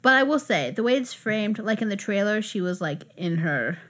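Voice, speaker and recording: A woman co-hosting a podcast, chatting in an animated, talkative way about a TV show. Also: medium pitch, normal speed. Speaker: podcast co-host. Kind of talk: casual chat about TV and movies.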